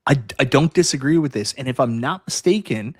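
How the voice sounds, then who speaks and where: A middle-aged man hosting a podcast, talking in an animated, excitable way as a fan, with casual swearing. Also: medium pitch, fairly quick, dry recording, clean studio sound. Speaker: podcast host. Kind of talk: casual chat.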